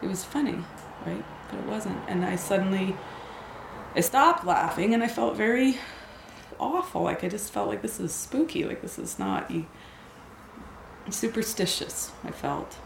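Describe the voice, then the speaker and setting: A woman telling a personal story in a hesitant, halting way, often restarting her sentences. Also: medium pitch, expressive, creaky. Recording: echoey room with noise.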